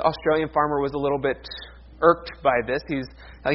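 A man's voice: on the high side, fairly even intonation, a little fast, dull audio. A man in his thirties, a pastor giving a casual, self-deprecating sermon that opens with a folksy joke.

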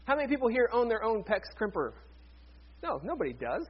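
A man with a high, husky voice preaches a sermon, chatting easily with the congregation and tossing in jokes along the way. The sound is dull and lo-fi. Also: big pitch swings, a little fast. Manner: conversational, joking asides to the congregation. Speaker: pastor.

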